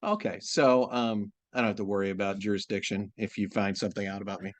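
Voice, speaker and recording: A man's voice: lowish voice, fast, no echo. A man from Texas, a voice actor, telling anecdotes in a casual interview. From Texas, USA. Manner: animated anecdotal storytelling. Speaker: voice actor guest.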